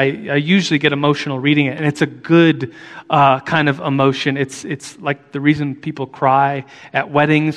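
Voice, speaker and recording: A man preaching a sermon as a pastor, earnest and halting, often restarting his sentences. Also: fairly high pitch, fairly bright tone, long reverb tail.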